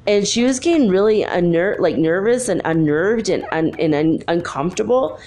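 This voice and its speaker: A woman's voice: fairly low pitch, animated, moderate pace, a little mellow, faint music behind. A woman talking in a casual vlog monologue, rambling through a story with lots of filler words.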